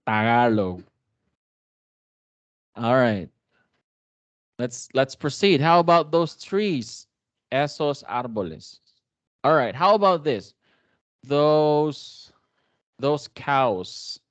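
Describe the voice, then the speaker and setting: A man's voice: on the high side, very animated, slow pace, long pauses, no echo. A man with a Filipino accent teaching a Spanish class online from home, chatty and encouraging as he mixes Tagalog and English. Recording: dry, slightly dull lo-fi audio.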